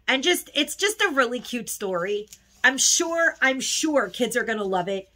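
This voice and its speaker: A woman's voice: fairly high pitch, sing-song, a little slow, pushed and bright. A woman chatting casually in a haul video, gushing and emotional, sometimes close to tears. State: tearful at times. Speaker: haul vlogger.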